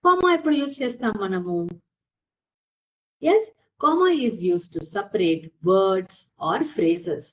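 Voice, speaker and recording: Lively Telugu-accented woman teacher. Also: mid-range voice, poor audio. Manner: explains slowly, repeats points, asks and answers her own questions. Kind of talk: classroom lesson.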